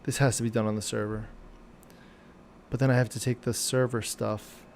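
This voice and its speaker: Gravelly man muttering while he codes. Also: medium pitch, little pitch movement, a little mellow, a little hiss or hum. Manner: muttering to himself, halting and self-questioning. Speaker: programmer streaming live. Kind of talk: thinking aloud during a live coding stream.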